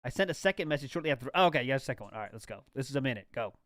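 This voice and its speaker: A man's voice: mid-range voice, animated, racing, a bit bright, no room sound, clean studio sound. A man hosting a podcast, chatting casually and reading out listener messages with a playful, laughing manner. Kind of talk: casual chat.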